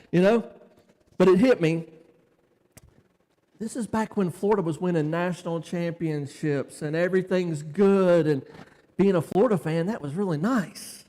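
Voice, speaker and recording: Man, preacher, casual storytelling sermon, high voice, animated, church hall reverb. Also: moderate pace, long pauses. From Tennessee. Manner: folksy, animated, acts out dialogue. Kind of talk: conversational sermon with stories. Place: church sanctuary.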